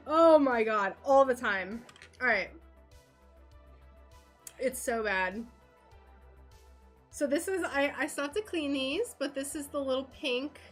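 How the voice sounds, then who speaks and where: A woman's voice: high-pitched, normal speed, faint music behind. A woman chatting casually on a livestream while she crafts stained glass in her home workshop. She laughs often and talks to herself as she works.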